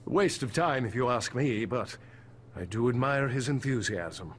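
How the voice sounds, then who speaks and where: A man's voice: mid-range voice, animated, measured pace, slight background noise, lightly acted. An actor playing a worried male farmer, a former financier and weary husband, polite and anxious. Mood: earnest. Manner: polite, anxious, put-upon. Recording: game audio with soft music behind.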